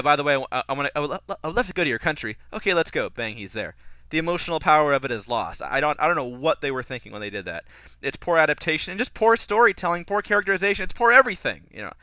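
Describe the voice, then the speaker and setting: A young man gives a casual film commentary with a critical, animated edge. His voice is bright and smooth, recorded close and dry. He talks loosely, with frequent restarts and fillers. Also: mid-range voice, no echo. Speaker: podcast host reviewing a film.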